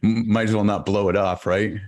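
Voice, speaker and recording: A man's voice: fairly low pitch, fairly even intonation, a little mellow. A man from Boston, a podcast guest, telling a personal story in an earnest, reflective way. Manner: earnest, reflective, halting restarts.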